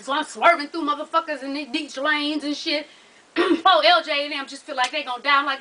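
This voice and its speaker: A woman telling a long story in casual, animated, profane vlog style, acting out the lines of people in it. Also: sits high, brisk, far from the mic, rough recording. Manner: animated, profane, with vivid re-enacted dialogue.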